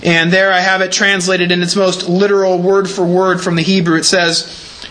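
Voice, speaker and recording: A pastor preaches a sermon in church, carefully explaining scripture and leaning hard on repeated words for emphasis. His voice sits high with a flat delivery, a moderate pace and a fairly bright tone, captured in a low-quality recording.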